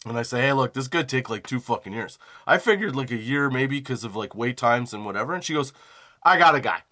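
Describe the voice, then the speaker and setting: A young comedy podcast host, medium in pitch and talking a little fast, wanders through a crude personal anecdote. He laughs at his own story repeatedly and acts out phone calls with animated quoting.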